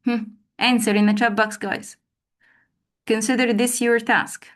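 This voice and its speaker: A woman's voice: fairly high pitch, level tone, measured pace, fairly bright tone. A woman training teachers in an online class, prompting participants and repeating words for emphasis. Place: online video call.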